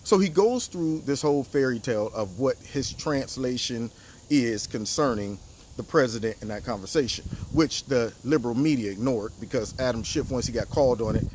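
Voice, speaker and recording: A man hosting his own political commentary show, talking in an animated, mocking way and acting out the people he quotes. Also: mid-range voice, normal speed, a little hiss or hum. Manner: animated, mocking, acts out quotes in different voices.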